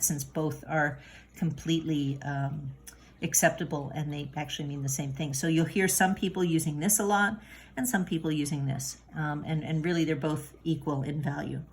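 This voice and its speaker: A woman's voice: sits low, fairly even intonation, moderate pace. A woman teaching a recorded grammar lesson, patient and encouraging, with many fillers and restarts. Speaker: Spanish teacher.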